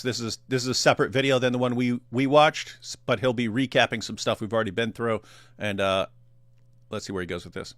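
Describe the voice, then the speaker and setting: A man's voice: medium pitch, fairly bright tone, dry recording, clean studio sound. A man casually commenting on video clips, chatty and often laughing. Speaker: reaction streamer.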